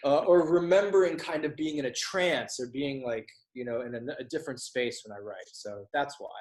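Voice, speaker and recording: A man's voice: medium pitch, normal speed, darkish tone, poor audio. A man guest on a podcast, telling his story candidly, swearing freely and acting out quoted dialogue. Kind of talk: casual storytelling interview.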